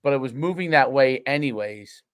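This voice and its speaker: A man on a casual podcast, giving his opinions in a measured way. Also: mid-range voice, animated, clear, resonant tone. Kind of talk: casual chat.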